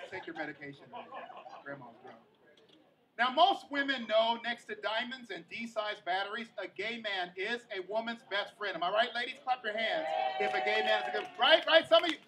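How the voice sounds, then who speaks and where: Man, stand-up comedian, young, from kansas, animated, high voice, distant mic, faint ambience. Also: a little hiss or hum. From Kansas, USA. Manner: animated, crowd-teasing, repeating punchlines. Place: comedy stage.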